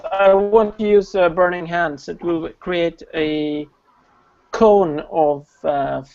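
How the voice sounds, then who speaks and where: A man taking part in a tabletop game as a player, thinking aloud slowly with fillers. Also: a little high, steady tone, gravelly, darkish tone, highs cut off. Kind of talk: casual tabletop game chat.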